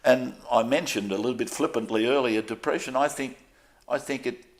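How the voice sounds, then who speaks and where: An older Australian sports broadcaster tells stories during a relaxed interview, candid and self-deprecating. His voice is medium-pitched and fairly quick.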